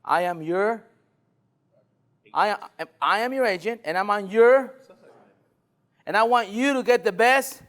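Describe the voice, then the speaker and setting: A male car sales trainer giving a live demonstration, animated and loose, swinging from shouting to murmuring. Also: high-pitched, measured pace, pauses often. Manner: hype-driven and loose, with occasional swearing.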